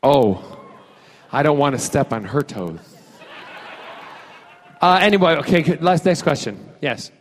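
A man from Scotland, a celebrity guest fielding audience questions at a fan panel, playful and joking with halting fillers and restarts. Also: a little high, big pitch swings, a little hiss or hum. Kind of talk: casual audience Q&A.

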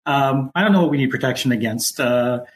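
A man co-hosting a casual podcast chat, talking in a relaxed way with plenty of fillers and restarts. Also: medium pitch, brisk. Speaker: podcast co-host.

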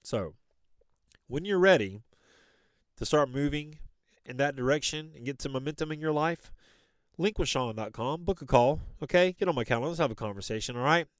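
A man's voice: fairly high pitch, lively intonation, a little fast, pauses often, no room sound. Exhorting male podcast host, dry sound. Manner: exhorting, repetitive rhetorical questions. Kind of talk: motivational podcast monologue.

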